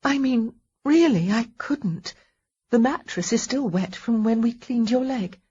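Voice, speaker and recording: A woman's voice: on the high side, expressive, unhurried, breathy edge, lo-fi sound, pitched above the performer's own voice. Woman narrating as a worried, tired young lady. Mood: tired, amused. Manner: earnest and gently fretful. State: sleepy. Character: caring, worn-out young lady at a sickbed.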